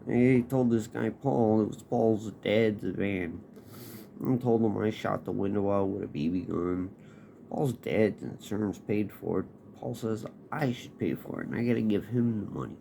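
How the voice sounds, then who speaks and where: Deep, gravelly, slow-talking man. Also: dark tone. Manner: laid-back, profane, rambling. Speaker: podcast host. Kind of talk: casual personal storytelling. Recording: noisy background hiss.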